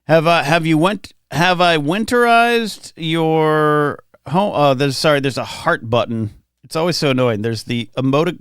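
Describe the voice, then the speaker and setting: A man's voice: medium pitch, a bit bright, dry recording, studio quality. A man hosting a casual morning livestream, rambling and reading viewer comments aloud from his home. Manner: chatty, rambling, reads chat aloud. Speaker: livestream host. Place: home, in California.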